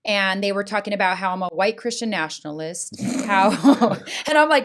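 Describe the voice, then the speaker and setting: Middle-aged woman, podcast guest, earnest heartfelt testimony, animated, keeps asking "right?". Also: mid-range voice, moderate pace, hardly any pauses, a crowd in the background. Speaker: school board president, guest. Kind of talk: emotional personal testimony in a podcast interview.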